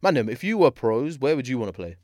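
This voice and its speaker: A man's voice: mid-range voice, sing-song, fast talker, darkish tone, dry recording. Young guy hosting a football pod, chill, laughs a lot, dry close sound. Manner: laid-back, laughs often, London slang. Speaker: podcast host. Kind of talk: casual chat.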